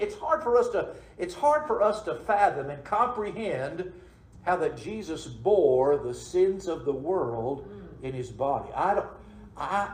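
A man preaching a Sunday evening sermon, with a fairly high voice. He talks in a folksy way and keeps asking the congregation to answer him. The sound rings in an echoey church sanctuary. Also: darkish tone. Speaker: pastor.

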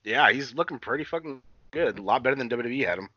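A man's voice: mid-range voice, animated, quick pace, sharp tone, dry recording. A man co-hosting a casual wrestling recap podcast, rambling and swearing, full of fillers and restarts. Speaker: podcast co-host. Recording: dull lo-fi sound.

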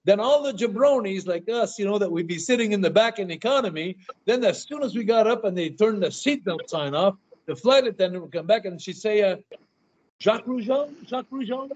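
An older man, a guest in an interview, telling animated anecdotes in casual talk, often stammering and repeating his words. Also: high voice, fairly quick, few pauses. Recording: dull lo-fi sound.

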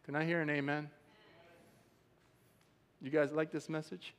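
A man preaching a sermon as a pastor, emphatic and rising to loud shouts. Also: on the high side, level tone, measured pace. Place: church sanctuary. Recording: long hall reverb.

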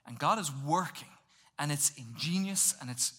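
A man preaching a sermon in a lively, conversational way, acting out little voices for humor. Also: a little high, normal speed, husky. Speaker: pastor.

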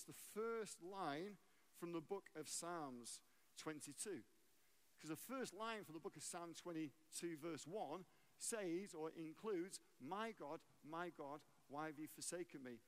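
A man giving a sermon as a guest preacher, conversational and joking, asking the audience questions. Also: fairly high pitch.

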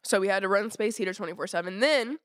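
A woman's voice: mid-range voice, fast, no room sound, studio quality. A woman hosting a podcast, chatting casually, rambling and swearing freely. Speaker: podcast host.

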